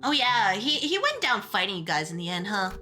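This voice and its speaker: A woman streamer chatting casually while playing a game, ranting in an animated way with quick asides and restarts. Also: medium pitch, soft background music. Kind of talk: casual gaming stream chat.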